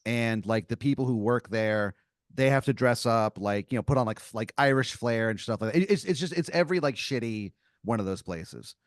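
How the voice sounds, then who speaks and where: On a comedy podcast, a male co-host improvises a scenario told in the second person, rambling with plenty of filler words. His mid-range voice runs a little fast, and the studio recording is clean with no echo.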